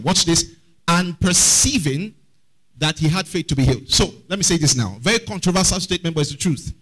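A man's voice: fairly high pitch, normal speed, fairly bright tone, breathy edge, rough recording. A man preaching a sermon as pastor, often asking the congregation questions.

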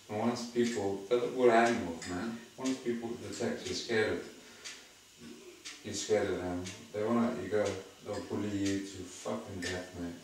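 A man's voice: fairly low pitch, fairly even intonation, moderate pace. A man ranting to the camera, full of profanity. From England. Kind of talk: monologue to camera. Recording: echoey room, far from mic, noisy.

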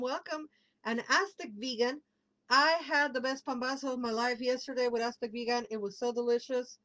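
A woman's voice: on the high side, fairly bright tone, rough recording. Chatty woman hosting a livestream. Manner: chatty, reads viewer comments aloud. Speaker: livestream host and tarot reader. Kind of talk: casual livestream chat.

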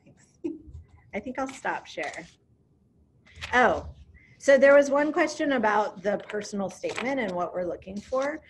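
A woman's voice: medium pitch, lively intonation, unhurried, long pauses, a little hiss or hum. A woman directing a program, speaking in a casual, upbeat way with frequent ums during an online information session.

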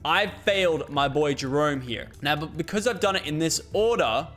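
Young man thinking out loud while he plays a game, swears a lot, fairly high voice. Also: expressive, normal speed. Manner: swears often, talks through his plans aloud. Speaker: gaming YouTuber. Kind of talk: casual let's-play commentary.

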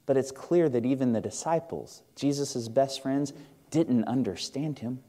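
A man's voice: mid-range voice, a little slow, mellow. A male pastor preaching a sermon in a church, earnest and conversational, asking the congregation questions. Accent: Midwestern American. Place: church sanctuary.

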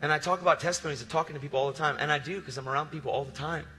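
A man preaching a passionate sermon, moving between loud declarations and hushed storytelling, recorded live in a large hall. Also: a little high, fairly even intonation, very fast, faint music behind. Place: large hall with long reverb.

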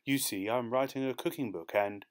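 A man voicing a naive, excitable seventeen-year-old boy who speaks in a fussy, formal way. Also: medium pitch, normal speed, close to an everyday voice. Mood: eager.

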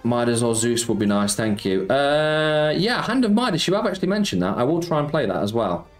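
Very animated and a little fast, this medium-pitched man runs a casual slots live stream, reading messages aloud and answering viewers, "mate" peppering his chatter. Music plays behind a roomy echo.

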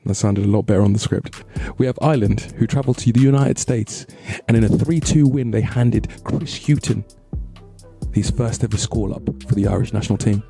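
A man's voice: lowish voice, fairly quick, gravelly, mellow, husky, dry recording, soft background music. A young English man hosting a casual history vlog, talking in slangy, joking bursts of hype. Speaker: host.

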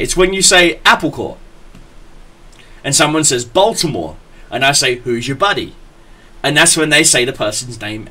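Animated man telling rowdy anecdotes. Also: mid-range voice. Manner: rambling anecdotes, loud laughing, stammering restarts. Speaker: podcast host. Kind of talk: casual chat, storytelling.

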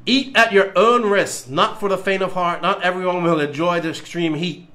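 A man's voice: a little high, pushed and bright. A man hosting a casual livestream, joking nervously and stalling as he reads a label aloud. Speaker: podcast host doing a livestream. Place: home studio.

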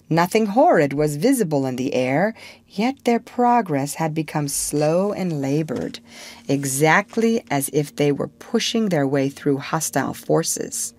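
Woman reading a kids' story out slow, low voice that swings up and down a lot, dry close sound. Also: no room sound. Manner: expressive, measured storytelling. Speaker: narrator. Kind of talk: storybook reading for English learners.

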